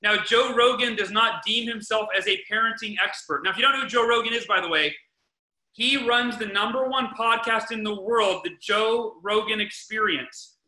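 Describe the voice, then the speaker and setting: This male podcaster gives relaxed parenting advice in a lively, forceful manner, repeating himself and restarting lines often. His pitch is high, his speed normal, and the room sounds echoey.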